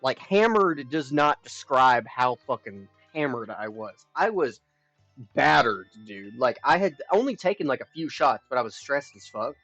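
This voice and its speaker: A man's voice: medium pitch, sing-song, unhurried, fairly bright tone, no echo, soft background music. Young man rambling on a dull stream mic. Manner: rambling, profane, frank. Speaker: live streamer. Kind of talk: casual storytelling chat.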